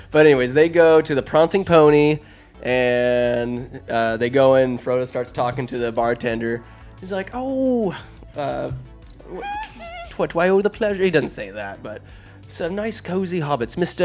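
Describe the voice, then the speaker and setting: A man hosting a podcast, recapping a film in an animated, joking way, swearing and doing goofy character voices. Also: medium pitch. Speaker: podcast host. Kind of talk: comedic movie recap. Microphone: phone.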